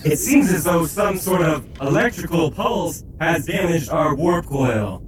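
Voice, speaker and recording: A man's voice: fairly high pitch, animated, unhurried, a crowd in the background, pitched above the performer's own voice. A man putting on an echoing, distant ship's AI. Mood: flat report. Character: ship's AI, dry and curt, male. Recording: echoey, distant, noisy mic.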